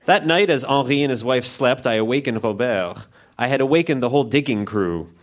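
Man reading a story, animated. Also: medium pitch, fairly quick. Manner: animated, playful. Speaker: reader.

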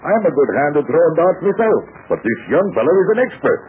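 An actor playing a dangerous fiery-haired sea captain, with a blustering, chuckling, folksy manner in 1940s radio acting. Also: male voice, fairly high pitch, sing-song, quick pace. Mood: boastful. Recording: tinny old radio broadcast with faint hiss.

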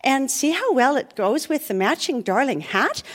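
A woman's voice: sits high, big pitch swings, moderate pace. A woman voicing a vain, sadistic young woman with fangs who lisps and coos in a storybook farce. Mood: gushing. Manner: lisping, coy.

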